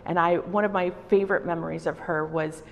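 A middle-aged Salvadoran wood carver talks briskly, her low voice fairly even in intonation and marked by vocal fry. She recounts personal stories in a reflective interview, recorded in a reverberant art exhibition hall.

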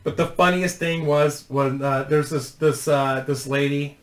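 A man with a high voice tells a rambling, profane story straight to camera for his own channel. He laughs easily as he talks. The sound is roomy and echoey. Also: fairly even intonation, a little slow. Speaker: YouTube host.

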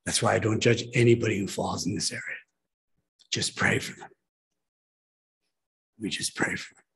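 A man's voice: lowish voice, fairly even intonation, normal speed, vocal fry, a bit bright. A man preaching a church sermon as pastor, emphatic and pleading with his listeners.

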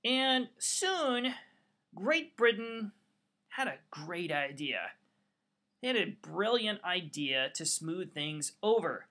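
A man's voice: sits high, sing-song, slow, bright, forceful tone. A man giving a history lecture with sarcastic, wry asides. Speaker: history teacher.

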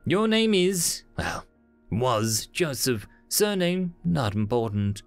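A man voicing a polite, apologetic administrator of the afterlife, speaking gently and courteously with small hesitations. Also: mid-range voice, big pitch swings, slow, gravelly, dry recording, soft background music, exaggerated voice.

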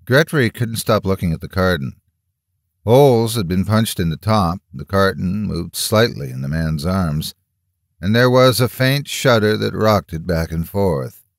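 A man narrating a horror story as a dramatic audiobook reading, slow and measured with tense swells. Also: low voice, animated, no echo, clean studio sound.

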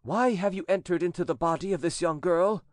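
A man's voice: high-pitched, brisk, a little mellow, no echo, clean studio sound, voice pushed up, natural voice. A male narrator voicing a stern priest-exorcist who puts formal, commanding questions to a demon.

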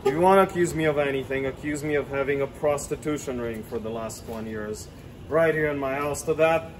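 A man's voice: mid-range voice, fairly quick, a little hiss or hum, natural voice, rough recording. Man putting on a drunk indignant vampire count. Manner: grumbling, theatrical protest. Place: outdoors on a city street.

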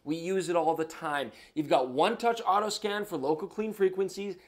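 A man's voice: sits high, moderate pace. A man co-hosting a camera review show, joking around casually while having a few drinks. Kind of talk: casual product review banter.

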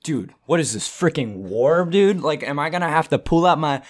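A woman doing goofy, shouty commentary while playing a horror game. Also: sits low, expressive, normal speed. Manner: hyper, shouty, joking. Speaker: gaming YouTuber. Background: background music.

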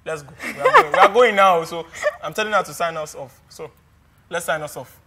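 Quick, bright-voiced teasing male co-host. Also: a little high, expressive. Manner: playful, teasing. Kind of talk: casual studio banter.

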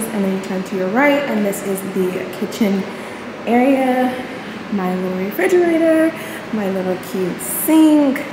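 A young woman vlogging a tour of her new empty apartment, gushing and excitable, repeating her phrases, filmed on a handheld camera. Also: mid-range voice. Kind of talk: casual vlog tour. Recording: echoey empty rooms, air conditioner hum.

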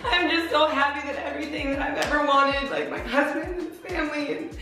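Young woman vlogger, higher voice, laughing and teary, echoey room with music under. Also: fairly even intonation, brisk. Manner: emotional, laughing through tears. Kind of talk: casual chat to camera.

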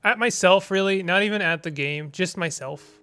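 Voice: medium pitch, moderate pace, bright, forceful tone. A gaming streamer giving let's play commentary, playful and exasperated, with dramatic outbursts, silly made-up words and the odd muttered aside.

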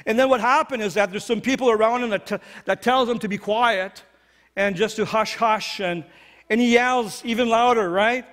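A man with a notably high voice preaches a sermon as pastor. He talks in an earnest, conversational way, often restarting his phrases. His voice rings out with a long church hall reverb. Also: normal speed, fairly bright tone. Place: church sanctuary.

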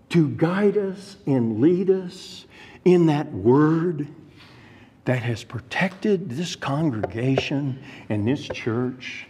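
A man leads an adult Bible class at a deliberate, unhurried pace, his pitch climbing and dropping widely as he hammers home key words. His voice has a husky edge. It rings with the long reverb of a church hall. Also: animated, warm tone. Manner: emphatic, rises sharply on key words; addresses the class directly with questions. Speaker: adult Sunday school teacher.

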